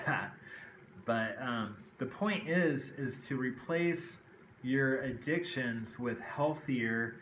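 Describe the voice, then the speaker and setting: A man's voice: medium pitch, a bit bright, slight background noise. A man vlogging about his personal habits in a loose, rambling, conversational way, often tossing in "okay" and "kinda like". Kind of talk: casual personal talk to camera. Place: indoors at home. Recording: echoey room with faint ambience.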